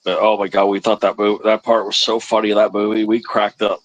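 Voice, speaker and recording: A man chatting casually on a livestream, telling rambling animated stories. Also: lowish voice, a little fast, low-quality recording. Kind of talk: casual chat, storytelling.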